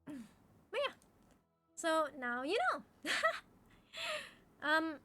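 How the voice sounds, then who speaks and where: High, bright-voiced young woman streamer. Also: drawn-out words, soft background music. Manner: talkative, repeats phrases and laughs often. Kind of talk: casual chat with stream viewers.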